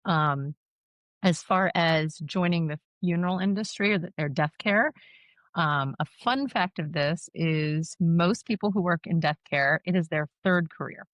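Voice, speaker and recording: A woman's voice: lowish voice, a little slow, no room sound. A woman in her thirties, a mortician, talking candidly and laughing often in a casual interview. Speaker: guest, mortician and funeral director.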